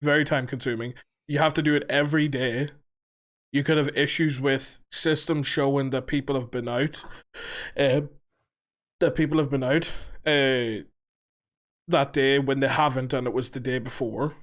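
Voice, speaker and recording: A man's voice: mid-range voice, steady tone, normal speed. A young man co-hosting a casual podcast. He rambles through his points with plenty of fillers and casual swearing. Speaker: podcast co-host. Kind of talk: casual chat.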